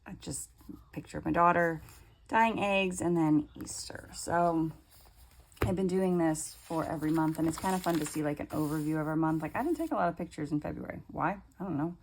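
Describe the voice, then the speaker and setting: A woman's voice: sits low, a little fast. A woman in her thirties chatting casually at home as she flips through her planners, rambling with fillers and restarts. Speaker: planner vlogger.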